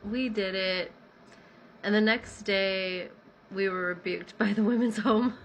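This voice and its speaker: A woman's voice: medium pitch, takes it slowly, slight background noise, low-quality recording. A woman telling a personal story in a casual vlog, acting out the dialogue as she recounts it. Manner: animated retelling with acted-out dialogue.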